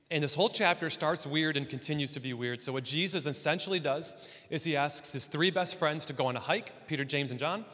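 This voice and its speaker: A man's voice: a little high, pushed and bright. A man preaching a casual, playful sermon in a church hall, with joking asides. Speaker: pastor. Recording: long hall reverb.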